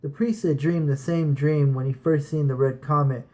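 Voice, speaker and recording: A young man with a somewhat high voice reads aloud for viewers in a casual, informal way. He often trips over names and corrects himself, and breaks off into easygoing chat. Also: fairly even intonation, normal speed, hardly any pauses, darkish tone. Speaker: amateur reader.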